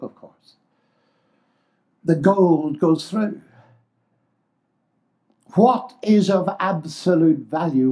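An older man preaching a sermon, expressive and exclamatory, swinging between loud declarations and hushed asides. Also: high voice.

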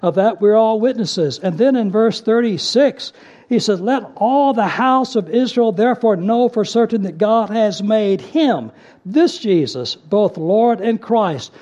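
A man delivers a sermon in a high voice, earnest and emphatic. He slows down to stress key phrases, then drops into plain conversational asides. The recording sounds dull and lo-fi. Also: darkish tone. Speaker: preacher.

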